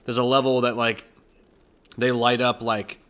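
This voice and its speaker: Man, podcast co-host, hesitant casual chat, bright tone, smooth voice. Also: mid-range voice, flat delivery, measured pace. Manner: hesitant, many fillers.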